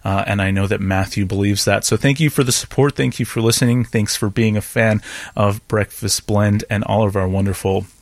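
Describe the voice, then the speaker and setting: A man's voice: fairly low pitch, fairly quick, dry recording. A man from South Texas co-hosting a classical radio morning show in a studio, chatting casually with fillers during a fund drive. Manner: relaxed, chatty, with frequent fillers. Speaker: radio co-host. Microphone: studio microphone.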